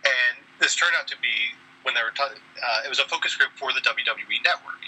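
A man's voice: mid-range voice, brisk, sharp tone, husky, low-quality recording. A middle-aged man co-hosting a podcast, telling a long, rambling story with self-deprecating asides. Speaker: podcast co-host. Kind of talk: casual storytelling chat.

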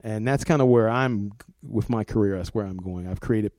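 A man's voice: fairly low pitch, normal speed, darkish tone, no room sound. A middle-aged man, a comics art director, talking casually in an interview, rambling and repeating words, laughing often.

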